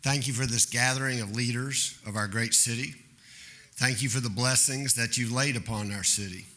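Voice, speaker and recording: Casting: man of middle pitch, bright tone, solemn measured prayer delivery. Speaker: invocation leader. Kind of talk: spoken prayer.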